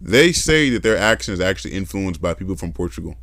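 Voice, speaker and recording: A young adult man hosting a podcast, chatting casually and telling animated stories with accent imitations. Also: sits low, fast talker, no room sound, clean studio sound. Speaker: podcast host. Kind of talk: casual conversation.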